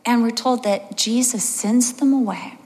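A woman's voice: on the high side, a little slow, in a large hall. A woman in her sixties preaching a sermon, telling stories with animation and acting out the voices of the people in them. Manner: animated storytelling, acts out voices.

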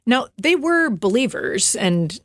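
A woman's voice: fairly high pitch, very animated, takes it slowly, no echo, clean studio sound. A woman co-hosting a podcast, reacting to a story with short interjections and questions. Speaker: podcast co-host listening. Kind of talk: casual chat with brief reactions.

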